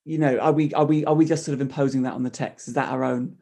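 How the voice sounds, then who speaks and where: A man's voice: medium pitch, steady tone, quick pace, gravelly, warm tone. A man co-hosting a casual discussion of a play, thinking aloud and often restarting his sentences. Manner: thoughtful, with frequent restarts. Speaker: podcast co-host discussing a play. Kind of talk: casual analytical chat.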